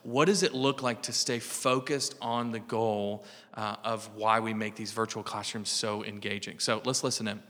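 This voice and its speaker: Guy hosting a podcast, encouraging vibe, bright voice, long reverb. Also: fairly low pitch, fairly even intonation, moderate pace. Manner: encouraging, affirming. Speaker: podcast host. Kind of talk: casual conversational podcast chat.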